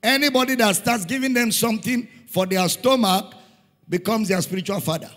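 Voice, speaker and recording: Middle-aged Nigerian pastor, high and emphatic, preaching with repetition in a reverberant church hall. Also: male voice, brisk, a bit bright. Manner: emphatic preaching, repeating lines for stress. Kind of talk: sermon.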